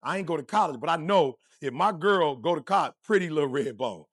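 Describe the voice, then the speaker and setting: A man giving a motivational speech, energetic and preachy, full of slang and talking straight to the crowd. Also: fairly high pitch, a little fast, no room sound, studio quality. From Detroit, USA. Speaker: motivational speaker.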